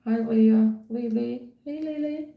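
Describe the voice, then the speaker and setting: A woman's voice: fairly high pitch, slow pace, gravelly, narrow, tinny audio. A woman reading tarot for viewers on a livestream, blunt and casual, calling people hun and baby, laughing and swearing. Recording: roomy echo with faint noise.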